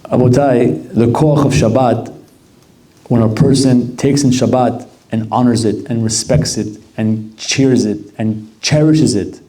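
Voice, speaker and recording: A man's voice: medium pitch, dark tone, distant mic. A man giving a Torah class with storytelling, earnest and repeating words for emphasis.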